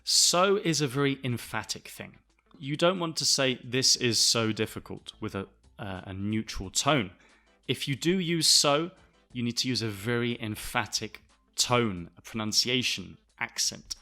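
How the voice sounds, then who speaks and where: Bright-voiced Southern English teacher. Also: male voice, mid-range voice, animated. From south of England. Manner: clear, deliberate, spells words out. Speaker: English teacher, podcast host. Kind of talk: explaining vocabulary to learners.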